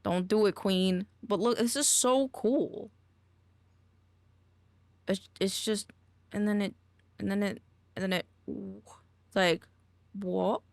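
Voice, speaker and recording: Woman streamer, goofy casual chat, gravelly fry, dry close sound. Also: mid-range voice, fairly even intonation, slow, pauses often, dry recording. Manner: goofy, exclamatory, swearing, trailing off.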